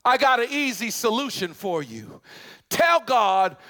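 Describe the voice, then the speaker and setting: A man preaching a sermon in a church, with rising shouts and chanted, repeated lines. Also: very high voice, sing-song, unhurried. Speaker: pastor. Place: church sanctuary.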